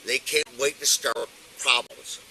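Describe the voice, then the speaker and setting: A man's voice: medium pitch, fairly even intonation, a little slow, pushed and bright, a little hiss or hum, poor audio. A middle-aged man from Buffalo with a local accent, drunk and agitated, arguing and swearing at police, recorded on a body-worn camera. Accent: Buffalo, New York. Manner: agitated, swearing, name-dropping. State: intoxicated. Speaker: detained judge. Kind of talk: heated argument with police.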